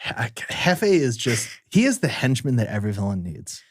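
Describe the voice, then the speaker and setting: A man's voice: mid-range voice, very animated, moderate pace, husky, no room sound, clean studio sound. A man co-hosting a podcast, chatting casually about a film, laughing often and acting out movie lines. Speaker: podcast co-host.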